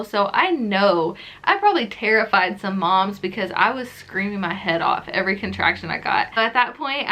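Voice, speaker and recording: A woman's voice: medium pitch, bright, forceful tone. A young woman telling a personal story to her camera in a chatty, casual way, with many "like"s. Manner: chatty, says "like" often. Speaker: vlogger.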